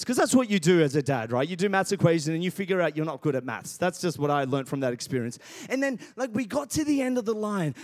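Brief: male pastor, thirties, higher-pitched voice, sermon with call-and-response. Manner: call-and-response preaching, swings from quiet to loud.

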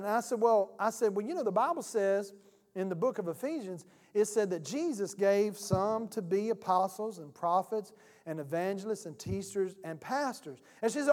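A man's voice: high-pitched, expressive, normal speed, a little mellow. A man preaching a sermon, a pastor telling a folksy story and acting out both sides of a phone call. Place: church sanctuary. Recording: church hall reverb.

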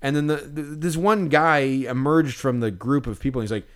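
A man's voice: mid-range voice, moderate pace, smooth. A man telling a long story in casual chat, rambling and swearing freely as he goes.

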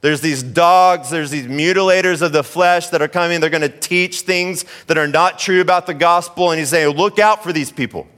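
A man in his thirties preaching a sermon, telling a family story in a lively, conversational way. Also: fairly high pitch, normal speed, hardly any pauses, soft background music. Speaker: pastor.

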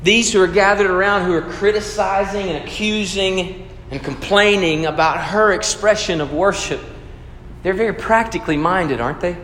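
Male pastor, sermon, earnest conversational preaching, slightly higher voice, echoey church hall, faint background ambience. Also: normal speed, a bit bright, slight background noise. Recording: echoey hall with long reverb.

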